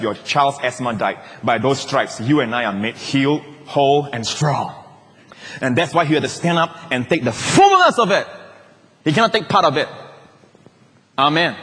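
A male pastor delivering a sermon, swinging from emphatic peaks down to hushed, quiet drops. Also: fairly high pitch. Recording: hall reverb.

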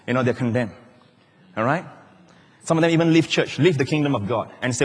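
A male pastor preaching a sermon in a large church hall, emphatic and shouting at the high points, with wide swings in pitch. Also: quick pace, pauses often, slightly rough. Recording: long church-hall reverb.

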